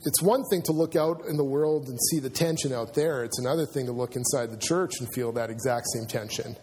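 A man preaching a sermon in a church, earnest and halting, often restarting his sentences and filling pauses. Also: mid-range voice, darkish tone, a little hiss or hum. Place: church sanctuary.

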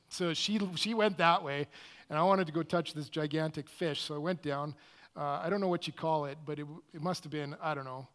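A man with a somewhat high-pitched voice tells a personal story to listeners. He is an excitable, animated storyteller who speaks with open enthusiasm.

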